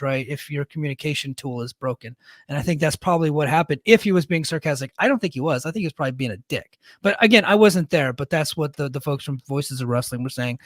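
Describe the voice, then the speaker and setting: A man's voice: fairly high pitch, no room sound, studio quality. A middle-aged man co-hosting a podcast, talking bluntly in a casual, storytelling way and often tagging on "right?". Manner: blunt, storytelling, fond of "right?" tag questions. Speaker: podcast co-host; military leader.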